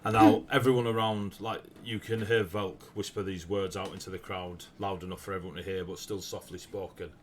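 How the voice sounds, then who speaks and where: Lively male game master narrating. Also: deep voice, brisk, hardly any pauses. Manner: lively, laughs often, bursts into shouted character lines.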